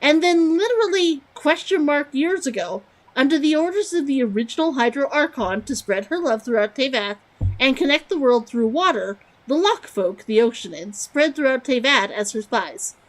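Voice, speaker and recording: A woman's voice: sits high, animated, normal speed, poor audio. A woman streaming a game, chatting casually and musing aloud as she reads lore text from the screen.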